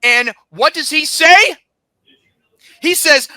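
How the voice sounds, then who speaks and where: Shrill, bright-voiced man ranting indignantly. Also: expressive, normal speed, no room sound. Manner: heated, indignant, breaks into shouting; sarcastic, mocking. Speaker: podcast host. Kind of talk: angry rant.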